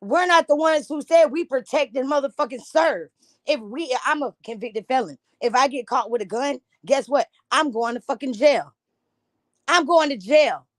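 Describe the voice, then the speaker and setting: A woman's voice: high-pitched, moderate pace, no room sound. A woman from Jacksonville, reacting to a news clip in a blunt, heated, profane rant. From Jacksonville, Florida.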